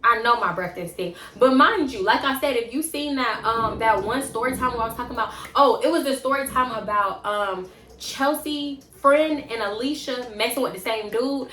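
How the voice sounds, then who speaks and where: Bright-voiced woman telling a blunt story. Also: fairly high pitch, normal speed. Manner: animated, blunt and profane, acting out quotes. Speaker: storytime vlogger. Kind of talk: casual storytime. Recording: roomy echo.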